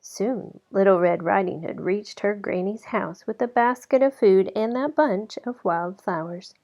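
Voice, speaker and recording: A woman reading a children's storybook aloud as narrator, in an expressive way that slows down for effect. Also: mid-range voice. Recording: slightly dull lo-fi recording.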